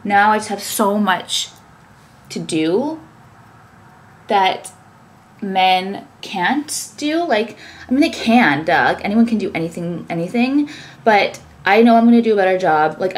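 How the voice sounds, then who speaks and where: A woman's voice: mid-range voice, a little hiss or hum. A young woman talking casually to camera, ranting with many fillers and swearing. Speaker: vlogger and business owner.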